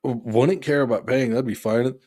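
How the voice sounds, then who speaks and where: A man's voice: medium pitch, fairly even intonation, moderate pace, a little mellow. A man co-hosting a podcast in casual chat, laid-back and jokey. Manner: laid-back, jokey, quotes others in put-on voices. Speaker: podcast co-host. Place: small home studio room.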